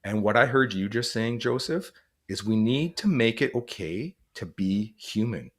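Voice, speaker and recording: A man's voice: medium pitch, expressive, measured pace. A man speaking as an interview guest, earnest and reflective, often using "like" as a filler. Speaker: guest, former police officer and author. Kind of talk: conversational interview.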